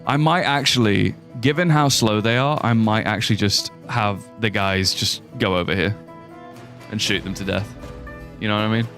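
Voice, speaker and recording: A man's voice: fairly low pitch, normal speed, a bit bright, soft background music. A young man chatting casually while he streams a game, rambling, joking and reading viewer messages aloud. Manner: chatty, rambling, reads chat aloud and jokes. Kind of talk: casual live-stream gameplay commentary.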